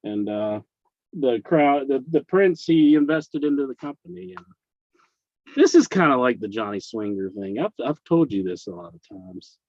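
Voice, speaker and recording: A man's voice: mid-range voice, sing-song, moderate pace, a little mellow, dry recording, dull audio. A man co-hosting a casual podcast, rambling earnestly through stories. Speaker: podcast co-host. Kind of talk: casual wrestling podcast chat.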